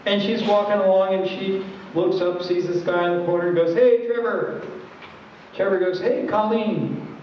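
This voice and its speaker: Male trainer, wry storyteller, a bit high. Dull, lo-fi hall recording with faint hiss. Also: completely flat delivery, a little fast. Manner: conversational, wry. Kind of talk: storytelling presentation. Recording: echoey hall from far off, dull lo-fi.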